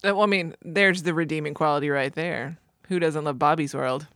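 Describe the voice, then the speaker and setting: A woman co-hosting a casual movie-review chat, deadpan and snarky, with teasing one-liners. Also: deep voice, a little fast, dry recording, clean studio sound. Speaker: podcast co-host.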